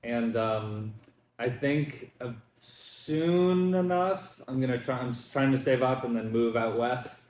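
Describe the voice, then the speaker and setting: Rambling young comedian, echoey room. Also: male voice, medium pitch, takes it slowly, a little hiss or hum. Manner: rambling, lots of fillers, animated retelling. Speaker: comedian guest. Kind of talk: casual brunch chat.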